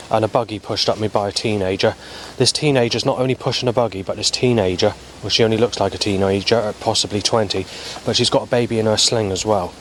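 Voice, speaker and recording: A man rambling through a spoken log of his day, halting often with ums and restarts. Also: on the low side, a little hiss or hum. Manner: halting, many ums and restarts, flat recounting. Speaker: vlogger.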